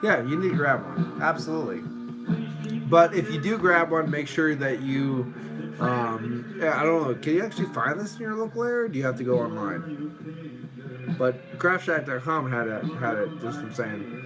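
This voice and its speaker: A man casually reviewing a beer on a live stream at home, rambling, swearing, and now and then breaking into shouts at viewers. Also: medium pitch, lively intonation, moderate pace, music in the background, low-quality recording.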